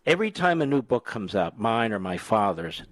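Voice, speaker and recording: A man's voice: lowish voice, normal speed, no room sound. A man in his sixties hosting a talk radio show, chatting casually and telling stories with dry jokes. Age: 60s. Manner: wisecracking, lively storyteller. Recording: dry studio sound.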